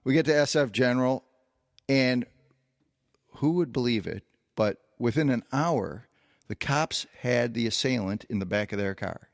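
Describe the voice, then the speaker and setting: A man's voice: mid-range voice, animated, measured pace, vocal fry, dry recording, clean studio sound. A man co-hosting a podcast, recounting a long personal anecdote in a casual storytelling way, with plenty of fillers and restarts. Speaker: podcast co-host.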